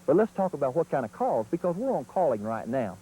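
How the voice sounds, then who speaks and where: Folksy man teaching with a lively voice. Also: a little high, fast, slight background noise, poor audio. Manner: folksy, plain-spoken teaching. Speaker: turkey calling instructor. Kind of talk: instructional video demonstration.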